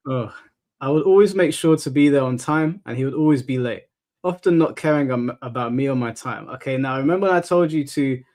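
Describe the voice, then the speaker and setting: A male podcast host riffs with his guests in a blunt, slangy, disbelieving tone. His voice sits at an ordinary middle pitch for a man. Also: a little fast, darkish tone. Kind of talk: casual podcast chat.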